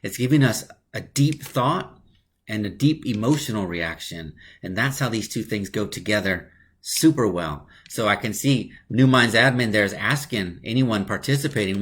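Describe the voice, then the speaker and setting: A man's voice: on the low side, lively intonation, moderate pace, fairly bright tone, husky. A male teacher leading an online class for kids, talking in a casual, upbeat way and often checking in with "right?".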